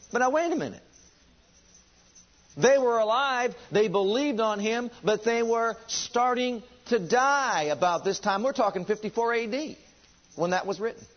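A man's voice: sits high, lively intonation, unhurried, dull audio. A man preaching a sermon, driving his points home with rhetorical questions and emphatic repetition.

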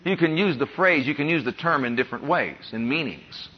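Pastor, male, higher-pitched, steady sermon delivery, muffled lo-fi recording. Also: husky. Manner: preacher reading scripture slowly, then telling stories with quoted voices.

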